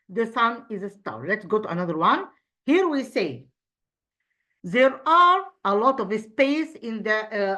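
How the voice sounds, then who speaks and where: A woman teaching an English lesson from a textbook, asking questions and answering them herself, often pausing and repeating words. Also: on the high side, fairly bright tone. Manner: hesitant, many pauses and restarts. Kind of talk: classroom lesson explaining textbook.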